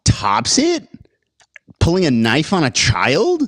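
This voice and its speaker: A man's voice: a little high, huge pitch swings, slow, fairly bright tone, dry recording, clean studio sound. Blunt, laid-back male podcast co-host. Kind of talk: casual podcast banter.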